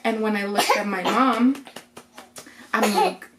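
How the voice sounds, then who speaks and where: Young woman, chatty storyteller, quotes others in her own voice, medium pitch, echoey room. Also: slow pace, very noisy. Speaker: vlogger. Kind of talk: casual storytime. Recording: roomy echo.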